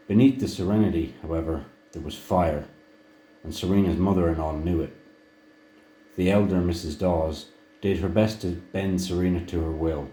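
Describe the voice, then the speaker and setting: A man reading a book aloud in a measured way, now and then restarting a phrase. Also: low-pitched, dark tone, a little hiss or hum. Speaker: audiobook reader. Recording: echoey room.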